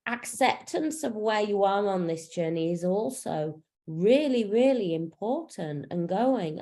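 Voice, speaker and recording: A woman's voice: medium pitch, expressive, measured pace, hardly any pauses, warm tone. A woman spiritual coach teaching in a casual, frank way, full of fillers and the odd swear word, over a video call. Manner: frank and chatty, swears freely, many fillers.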